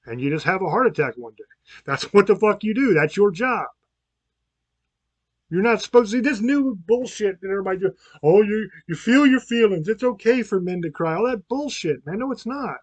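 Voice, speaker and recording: A man's voice: high-pitched, dry recording. A man, hosting a podcast and talking bluntly, swearing a lot and getting worked up. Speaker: podcast host. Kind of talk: profane podcast monologue.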